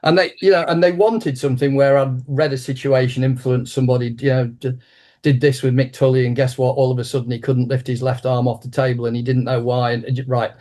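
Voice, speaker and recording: A man in his sixties, a martial arts teacher being interviewed, tells a story with animated energy. His voice sits at a middle pitch, and he often restarts and repeats his words as he goes. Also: brisk.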